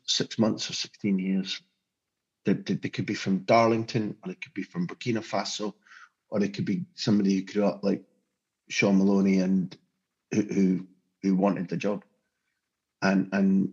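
A man with a low voice talks football as a podcast guest. He is passionate and emphatic, circling back and restarting sentences as he builds his point. The recording sounds muffled and lo-fi. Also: darkish tone. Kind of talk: podcast interview. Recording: dull lo-fi sound.

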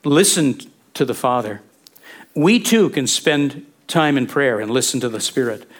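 Animated man preaching a sermon. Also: medium pitch, measured pace. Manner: animated, conversational preaching with rhetorical questions. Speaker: pastor.

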